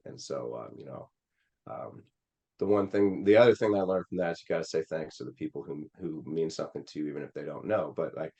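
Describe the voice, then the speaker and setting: A man's voice: deep voice, gravelly, a little mellow. A man from Missouri, a Senate candidate, telling a personal story in an interview in an earnest, rambling way with many fillers. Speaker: Senate candidate, podcast guest.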